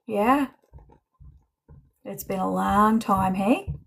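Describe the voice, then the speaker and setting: A young woman giving a casual livestream psychic reading, chatty and gentle as she relays messages. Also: mid-range voice, drawn-out words, gravelly, husky. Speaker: psychic medium.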